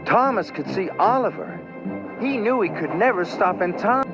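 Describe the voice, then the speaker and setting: A man narrating a children's train story in a slow, expressive storytelling manner. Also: high voice, rough recording. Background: loud background music.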